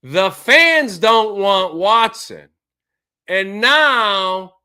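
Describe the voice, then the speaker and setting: A man hosting a live-streamed sports talk show, ranting with sarcasm and lively energy. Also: high-pitched, measured pace, smooth. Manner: sarcastic, animated rants. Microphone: streaming setup mic.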